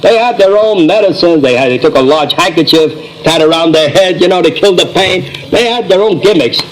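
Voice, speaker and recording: A man telling Yiddish-flavored jokes in a folksy storytelling manner, slipping into quick character asides, on an old record. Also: a little high, low-quality recording. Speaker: stand-up comedian. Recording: old record with faint noise.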